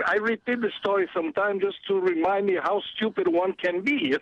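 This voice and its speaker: A man with a foreign accent telling a lively story as a radio guest, laughing often and acting out the voices of others. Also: sits high, fairly quick, hardly any pauses, background noise. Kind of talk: storytelling on a talk radio show.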